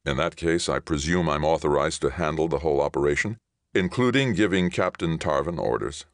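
A man reading a calm veteran soldier. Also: no echo, studio quality. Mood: measured. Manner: calm, low and measured.

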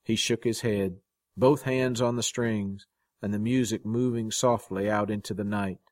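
Dry, measured male story narrator. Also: on the low side, steady tone, darkish tone, no room sound. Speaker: story reader. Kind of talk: scripted narration.

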